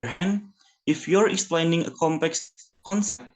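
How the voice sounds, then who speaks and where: Slow-speaking Indonesian-accented young man. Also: a little high, fairly even intonation, rough recording. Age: young adult. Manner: slow, reads example sentences aloud. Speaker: student presenter. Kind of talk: class presentation.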